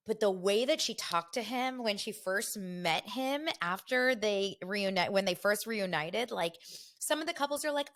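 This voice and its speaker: A woman's voice: mid-range voice, animated, normal speed, fairly bright tone. A middle-aged woman hosting a casual solo podcast, chatty and gossipy, often slipping into quoted voices. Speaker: podcast host.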